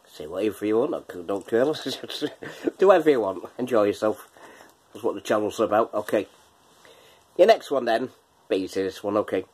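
A man's voice: lowish voice, lively intonation, moderate pace, a little mellow, breathy edge. A man hosting a casual quiz from his kitchen, chatty, laughing often and breaking into bits of song. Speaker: quiz host. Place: home kitchen.

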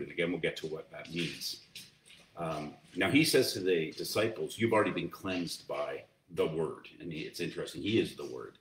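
A man preaching as pastor, teaching in a conversational way with many fillers and restarts. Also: low-pitched. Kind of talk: sermon. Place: church. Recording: roomy echo, distant mic, faint noise.

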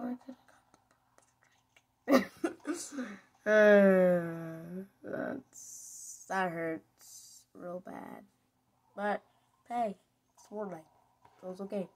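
A woman's voice: a little high, a bit bright. A woman giving playful, rambling commentary over her gameplay, giggling often. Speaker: gaming video creator.

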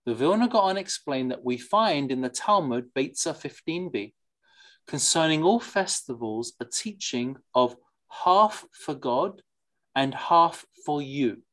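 A teacher leading a study class in an informal lecture. The teacher reads passages aloud, explains them with quick asides, drops in Yiddish and Hebrew terms, and keeps asking the class questions. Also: medium pitch. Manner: lively and digressive, asks the class questions.

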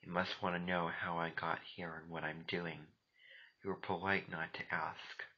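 A man reading the part of a weak, gentle, grieving traveler, speaking softly and wearily on a dull lo-fi recording. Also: low-pitched, steady tone, normal speed, slightly rough. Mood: weary. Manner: soft, weary and gentle. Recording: dull lo-fi recording, faint noise.

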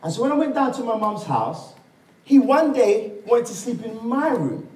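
A male preacher shares his testimony as a story in a high, swooping voice with big pitch swings, a little mellow and at normal speed, voicing each character and calling out for amens. He's captured from a distance in an echoey church hall.

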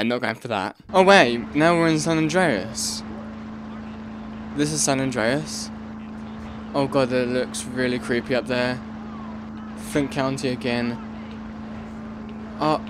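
A young man rambling through let's play commentary, breaking into sudden excited yelps and repeated pleas. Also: mid-range voice, background noise. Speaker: gaming channel host.

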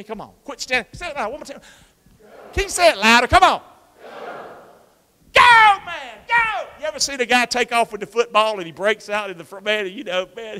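Brief: male pastor, bright forceful voice, big swooping call-and-response delivery, long church hall reverb. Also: high-pitched. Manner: energetic, coaxes the congregation to repeat lines; uses football pep-talk imagery. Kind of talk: animated call-and-response sermon. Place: church sanctuary with a congregation.

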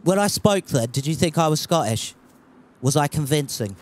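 A man's voice: on the high side, animated, normal speed. A man casually commentating his gameplay, rambling and joking as he chats with viewers. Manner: rambling, jokey, chatty with viewers. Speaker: game streamer.

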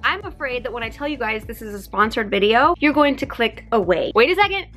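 A woman's voice: a little high, expressive, brisk, a bit bright, faint music behind. A woman in her thirties, a vlogger and mother, talking casually to camera in a sponsored video, emotional, gushing and playful.

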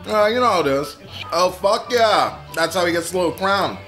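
A foul-mouthed man reacts to a movie as he watches, blurting out excitable comments in a voice set a little high for a man. A faint film soundtrack plays behind him. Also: moderate pace, soft background music. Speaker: reaction video host.

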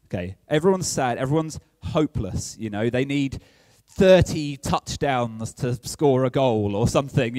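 A man's voice: medium pitch, darkish tone, no room sound. A man preaching a chatty, playful sermon and keeping in touch with his congregation. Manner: chatty and playful, keeps checking in with the audience.

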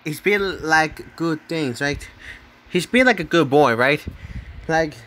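Guy with a bright highish voice rambling slow about his fave channels, keeps saying "right?", mixes up names. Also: animated. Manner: stumbles over names and corrects himself. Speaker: channel host. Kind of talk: casual screen commentary ranking users.

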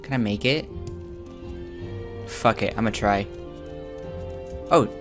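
A man giving crude, joking commentary while playing a video game, with loud excited outbursts. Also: fairly low pitch, takes it slowly, over music. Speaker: gamer streaming his own play. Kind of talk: profane let's-play commentary.

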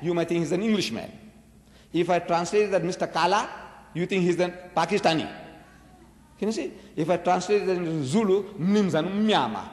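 A man lecturing a live audience on religion, firing rhetorical questions and swinging his slightly high voice up and down to drive each point home. His voice rings out with the long reverberation of a large hall. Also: a little mellow. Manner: rhetorical questions, sweeping pitch swings and slowed emphasis. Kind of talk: emphatic religious debate lecture.

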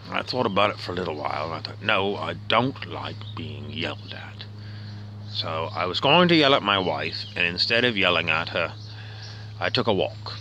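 A man performs a grumbling middle-aged outback husband. His voice is low and gravelly but bright and forceful, and it swings widely in pitch as he rambles, questions himself and sinks into a mutter. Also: animated, a little fast, slight background noise, exaggerated voice. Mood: musing. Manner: rambling, self-questioning, drops to a muttering whisper. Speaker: comedian. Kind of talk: comic character monologue.

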